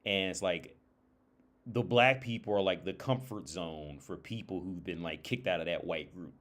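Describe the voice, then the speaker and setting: A man's voice: low-pitched, normal speed, fairly bright tone. A man telling a story on a casual livestream, rambling with many restarts and filler words. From United States. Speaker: streamer and therapist.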